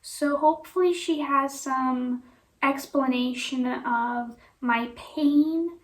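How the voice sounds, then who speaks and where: A woman with a high-pitched voice speaks slowly, rambling through a personal story on her vlog and filling it with "you know" and "like." She sounds distant, recorded in an echoey room.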